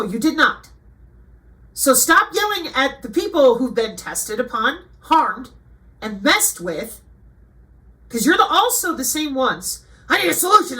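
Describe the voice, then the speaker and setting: Bright-voiced woman reading out a list. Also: sits high, low-quality recording. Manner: indignant, lecturing the listener. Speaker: online commentator. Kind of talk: casual monologue reading from a web page.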